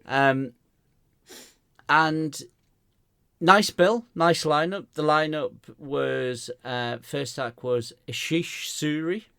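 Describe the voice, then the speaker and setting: A man's voice: a little high, drawn-out words, gravelly, smooth, dry recording, studio quality. A man, a stand-up comedian co-hosting a podcast and telling a gig story in casual chat, acting out the people he quotes. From Gateshead, northeast England. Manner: animated storyteller, acts out quotes, laughs often.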